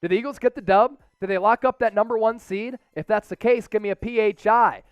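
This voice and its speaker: A man with a Philadelphia accent hosting a casual live sports stream, excitable and hyping viewer donations with loud outbursts. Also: high voice, a little fast, clean tone, no room sound, lo-fi sound. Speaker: sports show host.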